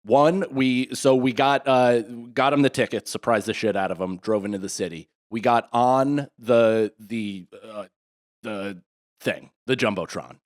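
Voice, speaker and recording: A man in his thirties co-hosting a casual podcast, his voice sitting at an ordinary middle pitch. He tells stories in a rambling, animated way, full of false starts and quick asides. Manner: rambling, animated storyteller with many restarts. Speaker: podcast co-host. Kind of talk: casual chat.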